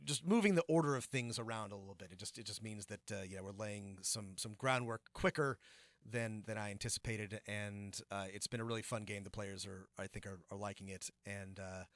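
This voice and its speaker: A man with a fairly low, fairly bright voice talks briskly, with no echo. He co-hosts a tabletop gaming podcast and also serves as its game master, rambling through casual chat full of fillers and restarts.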